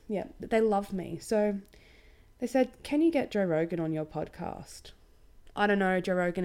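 A woman hosting her own casual solo podcast, rambling and self-deprecating, swearing freely in a somewhat monotone voice. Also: lowish voice. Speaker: podcast host.

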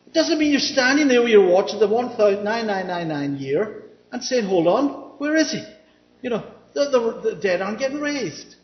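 A man's voice: high voice, very animated, normal speed. A man teaching the Bible in a conversational way, reading verses aloud and often checking in with a questioning "yeah?". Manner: reads scripture aloud, then explains it. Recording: roomy, dull lo-fi recording.

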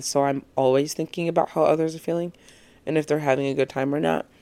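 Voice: mid-range voice, gravelly, a little mellow, no room sound. A speaker in their twenties giving a casual, encouraging monologue as a vlogger, earnest and reflective, often laughing at their own points. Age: 20s.

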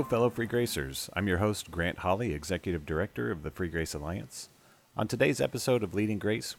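A man hosting a podcast, introducing the episode in a measured, scripted way. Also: sits low. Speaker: podcast host.

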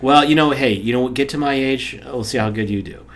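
An older man with a medium-pitched, brisk voice hosts a casual radio talk show. He jokes and rambles in comic chat, full of fillers and restarts, over faint background noise.

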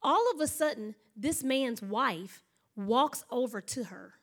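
A woman's voice: a little high, lively intonation, takes it slowly. A woman pastor, telling a story in a sermon and acting out the voices of the people in it. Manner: storytelling, acts out quoted voices.

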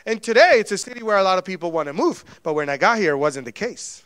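High-voiced, casual preaching man. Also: expressive, fast talker, clear, resonant tone, no echo. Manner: conversational preaching with sudden loud and soft swings. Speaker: pastor. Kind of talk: sermon.

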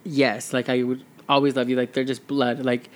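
A young man of middle pitch talks earnestly in a casual co-hosted chat. He rambles and leans on fillers as he works through his feelings. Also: little pitch movement, normal speed. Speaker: podcast co-host.

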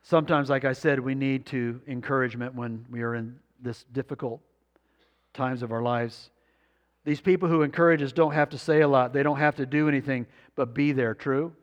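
A man's voice: medium pitch, fairly even intonation, normal speed, big-room sound, muffled recording. A man preaching a sermon, reading scripture aloud and asking the congregation rhetorical questions. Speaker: pastor.

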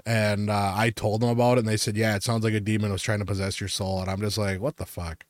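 Low-voiced man telling a ghost story. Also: level tone, quick pace, no echo. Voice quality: profane, rambling. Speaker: podcast co-host. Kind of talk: casual storytelling.

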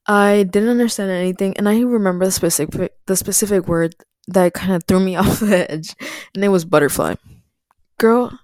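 A woman whose first language is Spanish, chatting casually to her viewers in an animated way, with frequent laughs and fillers. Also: medium pitch, normal speed, no room sound, clean studio sound. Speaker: vlogger. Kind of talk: casual chat to camera.

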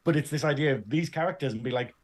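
A man's voice: mid-range voice, fast talker. A man co-hosting a casual fan podcast, rambling and chatty, laughing easily and swearing freely. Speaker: podcast co-host. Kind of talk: casual chat.

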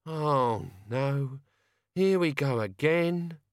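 A man voicing a grumpy old male servant who frets and complains in rough everyday speech. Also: mid-range voice, animated, drawn-out words, no echo, clean studio sound, voice pushed up. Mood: complaining.

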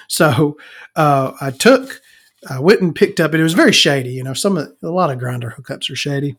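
Podcast guy w a kinda high gravelly voice, crude rambling stories, keeps calling himself victoria. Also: lively intonation, moderate pace, fairly bright tone. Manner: frequent fillers and self-restarts. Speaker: podcast host. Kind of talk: casual comedic monologue.

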